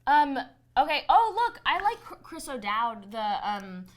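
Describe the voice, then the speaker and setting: A woman co-hosting a casual live chat show, playful with deadpan jokes. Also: sits high, unhurried. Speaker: co-host.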